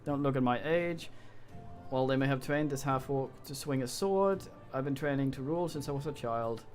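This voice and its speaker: A man's voice: medium pitch, moderate pace, faint music behind, natural voice. A man voicing a haughty young nobleman who talks in a self-assured, persuasive way. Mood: confident.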